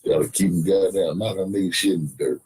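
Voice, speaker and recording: A man telling a comedic story in a loose, profane rant with a husky voice. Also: deep voice, steady tone, fast, darkish tone, poor audio. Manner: profane, loose, laughing asides.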